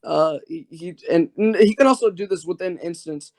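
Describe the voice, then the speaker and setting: A man's voice: high-pitched, moderate pace, a little mellow. A man debating over a voice call, rambling and filling his talk with "like". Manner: rambling, heavy on filler words. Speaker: debater and channel host. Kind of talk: casual online debate.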